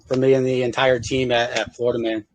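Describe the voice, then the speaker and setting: A man's voice: medium pitch, flat delivery, fast talker, slight background noise. A man appearing as a guest artist on a casual livestream. He talks in a joking, playful way.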